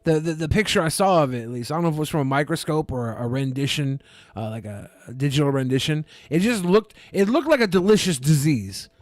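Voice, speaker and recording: Man, podcast co-host, high voice, dry close mic, rambling joker. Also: expressive, fast talker, dry recording. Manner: joking, rambling storyteller. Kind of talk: casual podcast banter.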